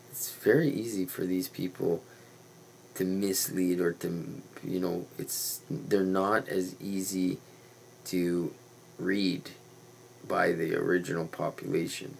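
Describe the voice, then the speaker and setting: A man's voice: deep voice, creaky, slight background noise, rough recording. A man hosting a livestream, rambling in a casual, meandering and conspiratorial way with loose slang. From Canada. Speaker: livestream host.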